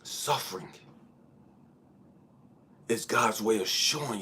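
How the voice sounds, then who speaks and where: A man's voice: medium pitch, very animated, slow, long pauses, fairly bright tone, a little hiss or hum. A man giving a blunt, profane spiritual monologue, preaching hard and at times dropping into a whisper. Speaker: spiritual speaker.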